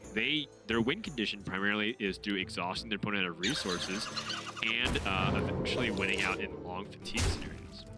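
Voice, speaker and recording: A man casting a card game tournament, analytical with joking asides. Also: lowish voice. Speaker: esports caster. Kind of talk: play-by-play commentary. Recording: music bed under commentary.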